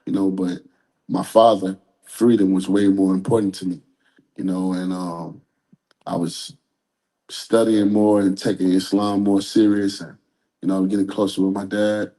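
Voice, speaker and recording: A man's voice: low voice, flat delivery, unhurried, mellow. A man speaking as an interview guest, talking candidly and earnestly in a rambling, conversational way. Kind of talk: casual interview talk.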